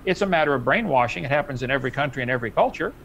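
A man's voice: medium pitch, animated, rapid-fire, vocal fry, fairly bright tone. A man in a heated debate, talking emphatically and mockingly, with some faint noise behind.

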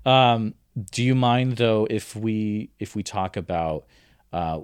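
Deep-voiced man hosting a radio interview. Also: takes it slowly, smooth, no echo, studio quality. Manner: friendly, loose, with fillers and restarts.

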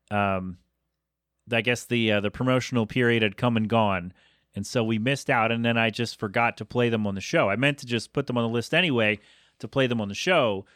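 Male podcast host, thirties, rapid rambling delivery, dry close mic, mid pitch. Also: fairly bright tone, no room sound. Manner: fast, self-interrupting, chatty. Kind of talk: rambling solo podcast monologue.

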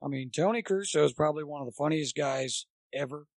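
A gravelly, slightly high-voiced older man tells long, animated stories in a casual chat. His voice sounds dry and close, with no room around it, as he acts out both sides of each exchange. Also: fast talker, no echo. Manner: animated anecdote teller, acts out quotes. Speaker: podcast guest, former college baseball coach.

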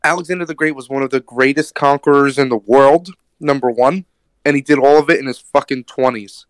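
A man's voice: mid-range voice, brisk, clean tone, no room sound. A man co-hosting a casual chat, talking enthusiastically and swearing, often asking "you know what I mean". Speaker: podcast co-host.

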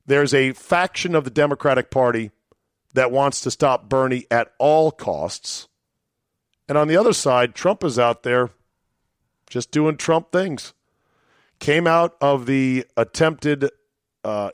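A man's voice: no echo, clean studio sound. A man hosting a solo podcast, casual and profane, with sarcastic, mock-dramatic asides. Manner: sardonic, mock-dramatic asides with sudden pitch jumps; profane and conversational. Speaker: podcast host.

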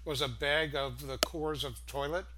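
A man's voice: on the high side, steady tone, a little slow, background noise. An older man co-hosting a casual chat, chuckling often and hesitating with many fillers. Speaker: co-host.

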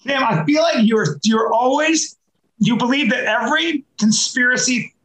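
A man with a very high, bright voice in a casual crude chat. He pushes back in exasperation and mocks the other man. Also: normal speed, poor audio. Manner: exasperated, mocking impressions. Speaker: comedian guest.

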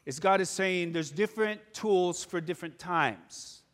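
A man's voice: sits high, unhurried, fairly bright tone. A male pastor preaching a sermon, earnest and building to urgent exhortation. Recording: long hall reverb.

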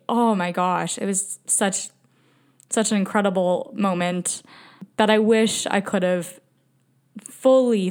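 A woman's voice: medium pitch, a little mellow. A woman hosting a podcast, telling a travel story in a chatty, emotional, self-mocking way, laughing often and filling her talk with "like.". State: migraine, speech slipping. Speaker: podcast host. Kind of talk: casual storytelling monologue.

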